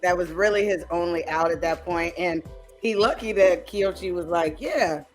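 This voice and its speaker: A woman co-hosting a podcast, casually discussing an anime and calmly explaining characters' motives. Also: fairly low pitch, moderate pace, music in the background. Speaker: podcast co-host. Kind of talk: casual anime review chat.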